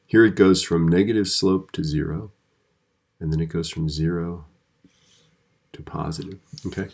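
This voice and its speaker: A man's voice: low-pitched, steady tone, moderate pace, a little mellow, slightly rough. A man teaching a physics video lesson in a conversational way, often checking in with the listener.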